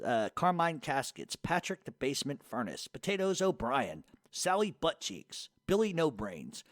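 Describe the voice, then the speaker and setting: A middle-aged podcast host tells stories and fields questions in a loose, profane way, laughing often and animating his telling. His pitch jumps up and down throughout. The recording is close and dry, with no room sound at all.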